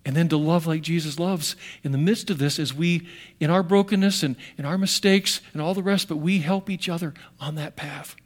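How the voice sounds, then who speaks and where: A man's voice: a little high, normal speed. An older American man preaching a sermon, telling stories animatedly with restarts and sound effects. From United States. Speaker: pastor.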